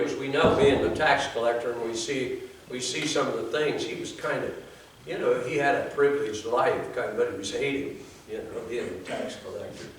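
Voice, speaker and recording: A man's voice: mid-range voice, sharp tone, slight background noise. An older man preaching a sermon in a folksy, conversational way, with asides to the congregation, in a church sanctuary. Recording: echoey church from a distance.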